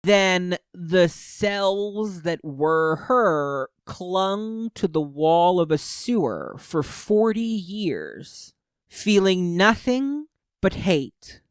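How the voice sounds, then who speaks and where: A woman's voice: lowish voice, extremely slow, clear, resonant tone, no echo, clean studio sound. A woman hosting a podcast, recapping comics in casual comic chat and acting out the characters she quotes. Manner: animated, acts out characters in quotes. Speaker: podcast host.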